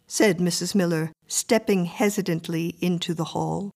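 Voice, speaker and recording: A woman narrating a short story as an audiobook in a calm, measured way. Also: on the low side.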